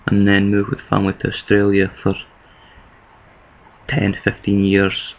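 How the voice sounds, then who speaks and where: In dull-sounding audio, an east-of-Scotland vlogger with a Scottish accent and a fairly low, vocal-fried voice rambles casually to camera, thinking aloud and restarting many times.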